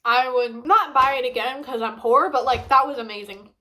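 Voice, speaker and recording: Chatty young woman with high voice. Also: normal speed, noisy background. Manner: chatty, rambling with many fillers. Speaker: vlogger. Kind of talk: casual chat and food review.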